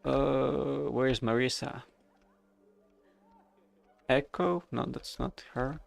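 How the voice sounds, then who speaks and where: A man's voice: medium pitch, steady tone, slow pace, gravelly, soft background music. A man streaming a video game, reading the narration aloud with wry, casual asides.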